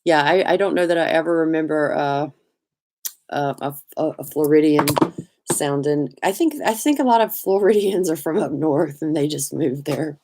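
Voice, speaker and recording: A middle-aged woman with a Southern US accent hosting a casual live chat, talkative and quick to laugh, greeting viewers by name. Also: deep voice, a little mellow. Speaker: livestream host.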